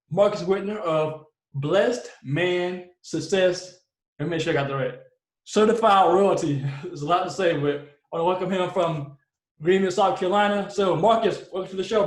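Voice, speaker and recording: A man's voice: sits high, fast. A man hosting a podcast, friendly and welcoming as he asks his guest questions. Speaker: podcast host. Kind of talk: interview hosting. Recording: echoey room.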